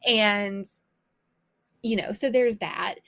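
A woman's voice: mid-range voice, slow pace, gravelly, bright, forceful tone. A woman with a Southern US accent co-hosting a casual chat about parenting, talking chattily, laughing often and acting out quotes. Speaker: podcast co-host.

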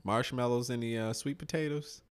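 A man's voice: medium pitch, normal speed, clean tone. A young man co-hosting a podcast, rambling in a loose, profane casual chat full of "like" and "man". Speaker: podcast co-host.

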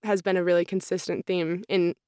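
Speaking fairly quickly with a dark, smooth tone, a fairly low pitch and little pitch movement, a young accounting student recounts her story in a casual interview. She's chatty, uses "like" often and plays out her thoughts aloud, in a dry, clean studio recording.

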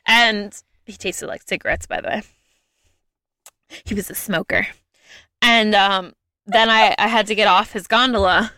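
A young woman telling a travel story in a casual chat, lively and full of "like" fillers. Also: mid-range voice, a little slow, pauses often, no room sound, clean studio sound. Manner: lively, chatty, frequent "like" fillers.

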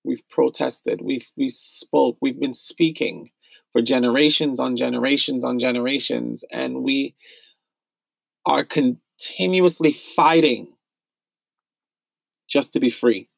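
A man's voice: medium pitch, steady tone, slow pace, creaky, no room sound. A young man from the United States hosting a solo podcast, speaking with raw pain and anger, repeating himself as he vents. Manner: emotional, repetitive, pained and angry. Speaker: podcast host.

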